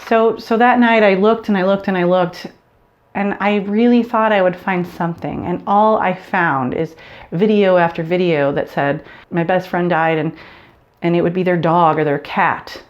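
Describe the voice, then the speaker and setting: Woman, lower voice, candid personal vlog, earnest with restarts, dull muffled audio. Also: steady tone, moderate pace. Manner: earnest, candid, repeats words and restarts when emotional. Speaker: vlogger sharing grief story. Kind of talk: personal talk to camera.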